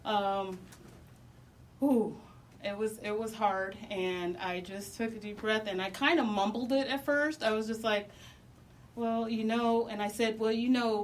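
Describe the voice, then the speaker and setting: Woman, mid-pitched, halting personal storyteller with many restarts. Mic set back, light noise underneath. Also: steady tone. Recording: distant mic with faint background noise.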